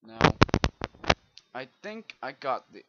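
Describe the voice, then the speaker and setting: Guy slowly talking through his game, pitch jumping all over, cussing a lot, muffled lo-fi audio. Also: sing-song, heavy background noise. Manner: swears often, bursts into loud frustrated outbursts. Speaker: Let's Play gamer. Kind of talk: casual gameplay commentary. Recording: dull lo-fi recording.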